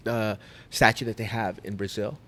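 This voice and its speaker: Guy on a podcast, lowish voice, rambling story with lots of restarts. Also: fairly even intonation, moderate pace, fairly bright tone. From United States. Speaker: podcast host. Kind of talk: casual storytelling chat.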